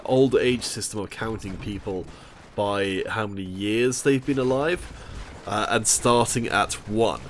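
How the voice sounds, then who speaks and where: An esports caster is covering an online shooter tournament live, his mid-range voice carrying a slight hiss or hum. Between plays he chats with viewers, reading their messages aloud and joking with them.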